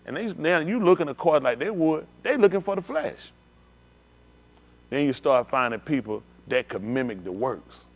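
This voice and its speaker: A man delivers a sermon in a synagogue hall. His voice sits slightly high and moves in wide, lively swings. It drops to low murmurs, then breaks out into loud exclamations. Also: normal speed, vocal fry. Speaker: preacher. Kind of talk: sermon with live demonstration.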